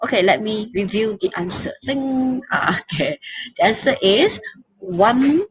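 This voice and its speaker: A woman's voice: mid-range voice, measured pace, low-quality recording. A woman with a Malaysian English accent teaching an online English class, chatty and coaxing, and calling herself teacher.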